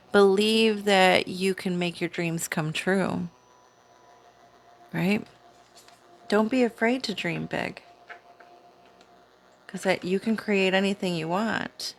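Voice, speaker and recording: A woman hosting her own channel, giving a casual, chatty spiritual card reading to camera in a slow, soothing way. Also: mid-range voice. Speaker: tarot reader, channel host.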